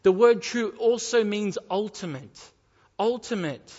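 A man's voice: high voice, animated, a little slow, a little mellow, big-room sound, lo-fi sound. A man preaching a sermon, reading scripture aloud and asking the congregation rhetorical questions.

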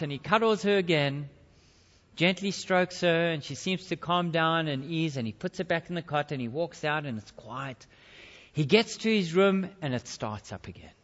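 A man preaching, telling a story in a dramatic way that swings between loud and hushed, recorded with a dull lo-fi sound and long hall reverb. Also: a little high. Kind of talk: sermon storytelling.

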